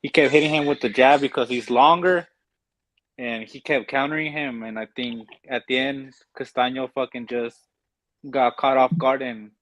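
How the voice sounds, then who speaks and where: A man with a mid-range voice lays out his view in a calm, reasoned way. His voice comes through dry and close. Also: medium pitch, moderate pace, no room sound, low-quality recording. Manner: thoughtful, analytical, relaxed. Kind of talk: casual live chat.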